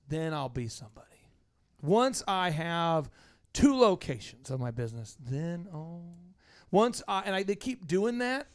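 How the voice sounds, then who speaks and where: A high-pitched male host in casual interview chat. He talks with bursts of energy, firing off long lists one item after another, in a basement room with concrete floors. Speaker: podcast host.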